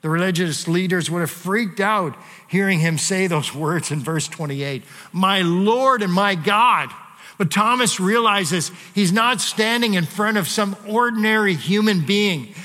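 Man, pastor, sermon, conversational with fillers, slightly high voice, long hall reverb. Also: sharp tone. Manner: conversational, frequent "you know" and fillers.

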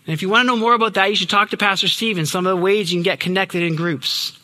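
A young adult man preaching a sermon in an earnest, emphatic way, sinking low and quiet on key words. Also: fairly even intonation, fast talker, big-room sound.

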